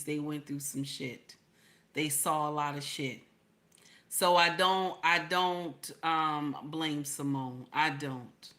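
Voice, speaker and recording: A woman with speech hosting a casual livestream, reading chat messages aloud and reacting with loud, laughing commentary. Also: sits low. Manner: animated, laughing, talks back to chat.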